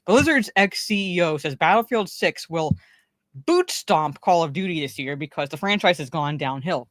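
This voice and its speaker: A woman's voice: deep voice, no echo. A woman co-hosting a casual pop culture podcast, rambling, swearing and repeating herself as she talks. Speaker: podcast co-host.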